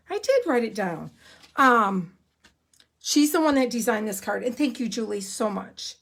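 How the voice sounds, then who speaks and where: A woman giving a live card-making tutorial, chatty and excitable, rambling a little as she works. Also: on the high side, normal speed.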